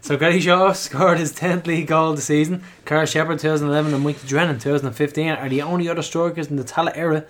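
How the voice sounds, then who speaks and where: A podcast host with a slightly higher voice chats breezily with his co-host. He then runs through a list of football stats in an easy, conversational way. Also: fairly even intonation, quick pace, hardly any pauses, fairly bright tone. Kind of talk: casual podcast chat and stats reading.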